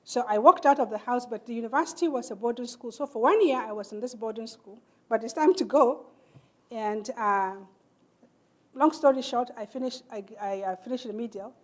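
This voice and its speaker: A woman's voice: a little high, brisk. A middle-aged Nigerian woman giving a speech in a large hall, telling her life story earnestly and acting out the people in it. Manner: earnest, animated storytelling with quoted dialogue. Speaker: keynote speaker.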